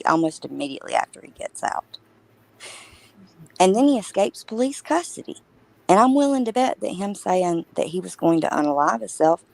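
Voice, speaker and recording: A woman's voice: medium pitch, vocal fry, darkish tone, poor audio. A woman co-hosting a casual true crime livestream, talking emphatically and indignantly with many restarts.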